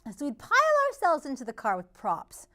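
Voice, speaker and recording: Brief: East Boston woman hosting, telling a story with a fairly high, very lively voice. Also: fast. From North Shore of Massachusetts. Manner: animated, gets loud, acts out the voices of people in her stories. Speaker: host. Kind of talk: storytelling monologue.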